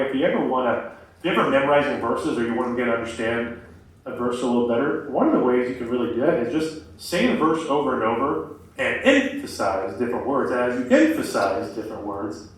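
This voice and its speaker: A young man preaches to a campus group in a relaxed, chatty way, with plenty of fillers. His voice sits at an ordinary pitch. He is heard from a distance in a strongly echoing room. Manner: conversational, many fillers like "like" and "um". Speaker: campus ministry speaker. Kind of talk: casual sermon.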